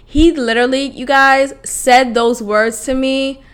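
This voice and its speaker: A woman hosting a solo podcast, telling a personal story in a casual, animated way that swings into loud, exasperated outbursts. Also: high-pitched, unhurried, clear, resonant tone. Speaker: podcast host.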